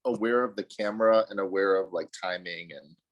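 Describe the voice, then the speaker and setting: A man on a casual video call, minding a toddler and talking about her in a doting, animated way. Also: deep voice, brisk. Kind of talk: casual group video chat. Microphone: computer mic on a video call.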